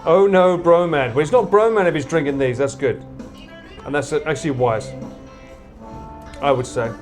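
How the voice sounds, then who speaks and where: A man's voice: fairly high pitch, normal speed. A man hosting a casual chat over drinks in a bar, teasing and joking. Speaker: host. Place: bar or pub. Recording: music playing in background.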